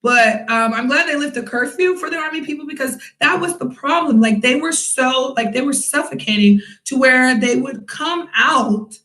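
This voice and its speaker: A young woman vlogging, telling a story casually with lively, animated quoting and frequent laughs. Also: sits high, normal speed, few pauses. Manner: animated, acts out quotes loudly with laughs. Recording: echoey room.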